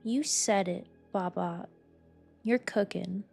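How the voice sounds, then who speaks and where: Taking it slowly, a woman with a creaky, slightly rough mid-range voice talks over soft background music. In her casual game stream she's excitable, ranting and swearing a lot, and she breaks out into shrieks.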